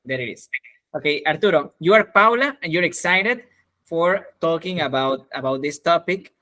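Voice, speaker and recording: A man's voice: on the high side, normal speed. Encouraging man teaching English online. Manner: encouraging, animated, laughs often. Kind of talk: online speaking class.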